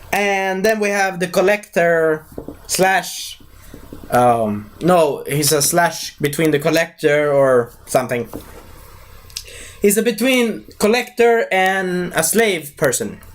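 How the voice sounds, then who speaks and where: A young man giving a casual live movie review, rambling and excitable, with lots of fillers and broken grammar. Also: high-pitched.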